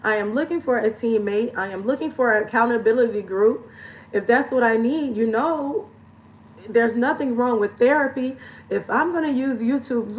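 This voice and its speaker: A woman lifestyle coach speaking in a candid confessional vlog, with a voice pitched a little high. She is emotional and earnest, repeats lines for emphasis and laughs between phrases. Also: recorded from a distance, low-quality recording.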